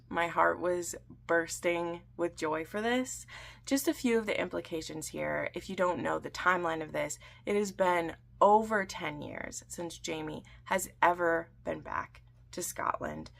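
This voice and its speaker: A woman's voice: lowish voice, a little slow, gravelly, fairly bright tone. A woman recapping a TV episode in a casual, gushing vlog chat, full of ums and asides. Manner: gushing, chatty, many fillers. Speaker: book and TV series recap vlogger.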